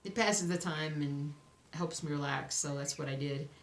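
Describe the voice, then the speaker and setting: Sleepy and yawning, a young woman talks at normal speed in a low voice. She's a cross stitch vlogger at home, rambling casually to camera about her week in a self-reassuring way, recorded in an echoey room with faint noise.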